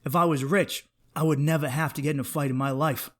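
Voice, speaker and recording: A man's voice: on the high side, steady tone, a little fast. A man hosting a comedy podcast, ranting in a worked-up, profane, emphatic way.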